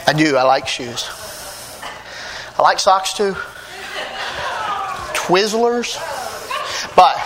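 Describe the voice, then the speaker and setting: American pastor telling a story. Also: male voice, sits high. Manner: energetic, shouting and laughing in an acted-out pancake run; quiet, confiding storytelling. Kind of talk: sermon. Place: church service with a congregation.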